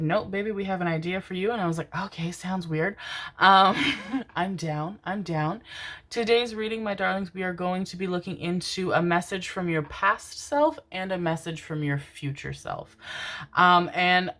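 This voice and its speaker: A young adult woman who reads tarot, talking excitedly and a little out of breath, swearing casually and calling her viewers her darlings. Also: lowish voice. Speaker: tarot reader. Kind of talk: casual chat and tarot intro.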